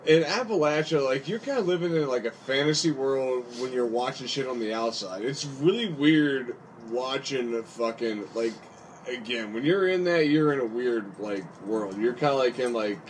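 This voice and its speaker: A man's voice: mid-range voice, moderate pace, far from the mic, slight background noise. A young man from West Virginia in a casual podcast chat, talking loosely and profanely with lots of "like". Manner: loose, profane, filler-heavy with "like".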